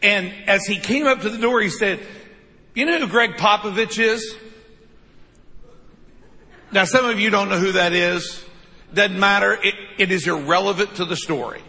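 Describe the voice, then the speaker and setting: Man, fifties, pastor, sermon, chatty storyteller, high-pitched voice. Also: moderate pace, bright, forceful tone, long reverb tail. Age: 50s. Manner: storytelling with self-deprecating humor, frequent "right?" asides.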